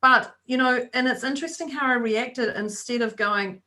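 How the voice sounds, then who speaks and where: A woman's voice: fairly high pitch, normal speed, sharp tone. A woman co-hosting a talk podcast, chatting casually and acting out the voices of people in her story. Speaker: podcast co-host. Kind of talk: casual chat.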